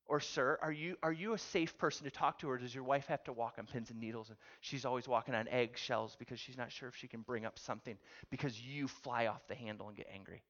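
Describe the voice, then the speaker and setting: A male pastor delivering a sermon through a story, asking his listeners questions along the way. His voice sits at a mid-range pitch, and his delivery is animated. The recording sounds dull and lo-fi. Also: fast talker, hardly any pauses.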